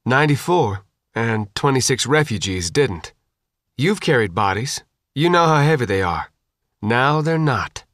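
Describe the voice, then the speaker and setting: Casual: guy reading as a tough calm lady officer, low key, no-nonsense. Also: a little slow, dry recording, studio quality. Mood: grim calm. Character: grim, steady female petty officer.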